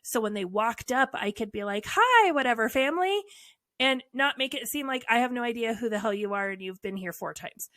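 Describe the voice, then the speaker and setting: A woman co-hosting a casual podcast, her voice sitting a little high. She tells her stories bluntly and animatedly, with wry asides. The sound is dry and close, with almost no room behind it. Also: fairly bright tone, no room sound. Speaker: podcast co-host. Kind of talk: candid casual conversation.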